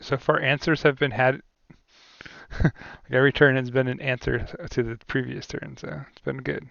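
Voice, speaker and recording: A man's voice: medium pitch, little pitch movement, normal speed, gravelly, a bit bright, no echo, muffled recording. A man co-commentating a card game tournament in a casual, chatty way, laughing often and using many fillers.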